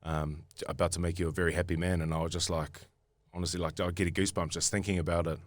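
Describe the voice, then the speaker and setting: A deep-voiced man with a New Zealand accent tells his story in a loose, rambling way, full of fillers and restarts. He is recorded on a close studio mic with a dry, dead sound. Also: flat delivery, quick pace, no room sound. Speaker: guest rugby player. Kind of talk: casual podcast storytelling.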